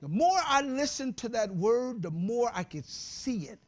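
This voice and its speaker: A man preaching a sermon as pastor, talking straight to his congregation with humor and breaking into shouts at the high points. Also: lively intonation, a little slow. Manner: conversational, addresses the congregation directly.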